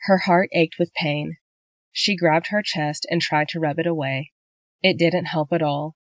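A woman reading a novel as an audiobook narrator in a steady, measured way, on a close studio mic. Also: deep voice, no room sound. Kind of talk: scripted narration.

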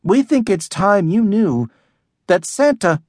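A man's voice: high voice, expressive, takes it slowly, a little mellow, no echo, studio quality, pitched above the performer's own voice, full character voice. A man doing a firm, patient mom. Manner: firm, matter-of-fact.

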